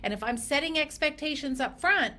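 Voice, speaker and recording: A woman coaching clinicians on running their practice, talking straight to the listener in an emphatic, animated way and acting out bits of patient dialogue. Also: sits high, fairly quick. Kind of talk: direct-to-camera business coaching.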